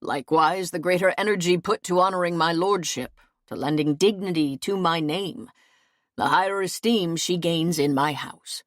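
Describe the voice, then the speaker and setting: A woman narrator voicing a stern, commanding medieval lord who speaks with measured, cold authority. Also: lowish voice, dry recording, clean studio sound, close to an everyday voice.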